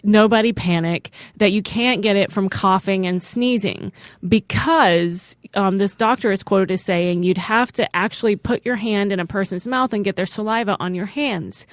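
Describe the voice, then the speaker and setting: A woman's voice: mid-range voice, normal speed, no room sound, clean studio sound. A woman co-hosting a comedy podcast, telling stories in a chatty, playfully dramatic way. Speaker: podcast co-host.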